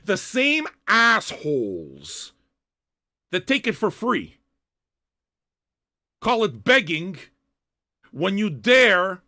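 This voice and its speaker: An older man hosting a music-reaction livestream, ranting at chat viewers in loud, profane, half-shouted tirades. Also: high-pitched, wildly swooping pitch, drawn-out words, pauses often.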